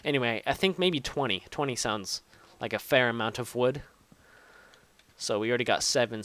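Profane rambling young gaming YouTuber. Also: male voice, mid-range voice, moderate pace, a bit bright, no echo. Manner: rambling, profane, self-mocking. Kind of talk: casual gameplay commentary.

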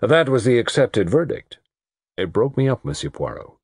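A man's voice: moderate pace, slightly rough, dry recording, clean studio sound. A man reading a detective story aloud as an audiobook narrator, acting out the dialogue. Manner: reads in low, lively voice, acting out dialogue. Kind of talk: scripted narration.

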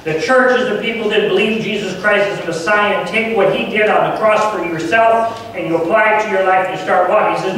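A man with a high voice preaches a fervent, emphatic sermon. The sound is heavily echoey, as if picked up from a distance across a church sanctuary, with a faint hiss underneath. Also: steady tone, quick pace, fairly bright tone. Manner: earnest, emphatic, grows fervent. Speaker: guest preacher.

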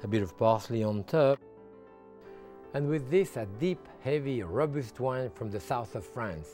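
A man working as a TV chef, walking through a cooking demonstration step by step and adding relaxed asides as he goes. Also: medium pitch, a little slow. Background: background music.

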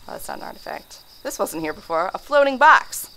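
A woman's voice: medium pitch, very animated, a little fast, bright, forceful tone. A young woman playing a horror game at home, giving casual commentary, jumpy and swearing, shrieking at scares and laughing them off. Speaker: let's play gamer. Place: home room.

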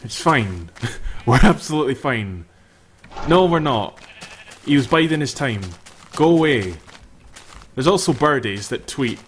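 A man's voice: mid-range voice, animated, measured pace, fairly bright tone. Guy doing casual game commentary, chatty, swears a lot, bossing the mobs around, noisy recording. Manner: chatty, swears freely, talks to the game's creatures. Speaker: gameplay commentator.

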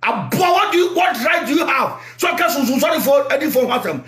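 A man with a Ghanaian accent preaching in a loud, fiery rant, often shouting. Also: very high-pitched, big pitch swings, a little fast. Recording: echoey room, faint noise.

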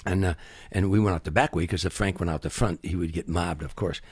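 An older man tells show-business stories in a husky, slightly low voice. He acts out the people in them with lively jumps in pitch. The sound is close and dry. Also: quick pace, no echo. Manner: animated anecdotes, acts out quotes. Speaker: guest comedian. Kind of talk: storytelling interview.

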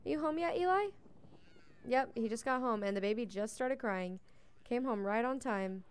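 A young woman narrating her own game playthrough in a relaxed, talkative way, often gushing over how cute things are. Her voice sits a little high and sounds smooth and clean. She reads the game's prompts out loud as she goes. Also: normal speed. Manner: chatty and gushing, coos over cute moments; reads on-screen game text aloud. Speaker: let's play host. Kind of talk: casual gameplay commentary.

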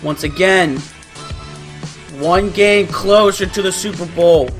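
A man gives live commentary over a football video game match he is playing. His voice sits high, and he talks at an unhurried pace. He gets excitable, groaning, swearing and shouting at the plays. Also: faint music behind. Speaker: gaming YouTuber.

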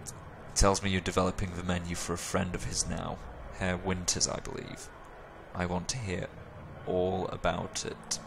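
A man's voice: low voice, monotone, moderate pace, gravelly, noisy background. A man voicing a sly, fawning Turkish cafe owner in a video game, with an exaggerated Turkish accent and salesman's patter. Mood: hushed. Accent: exaggerated put-on Turkish. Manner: oily salesman patter, drops to conspiratorial murmurs. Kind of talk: reading a video game's dialogue aloud.

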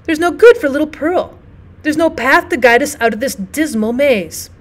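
A woman's voice: sits high, animated, moderate pace, pitched above the performer's own voice. A woman reading as a pleading, resolute young mother. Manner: earnest and pleading, old-fashioned speech. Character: anguished, resolute woman shamed by her past.

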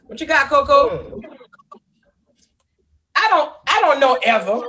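A woman runs a group guessing game in a loud, playful, bossy way. Her voice sits high and sounds bright and sharp. She keeps pushing the players to answer before time runs out. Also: big pitch swings, slow, pauses often. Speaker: game host. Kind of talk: hosting a group game show.

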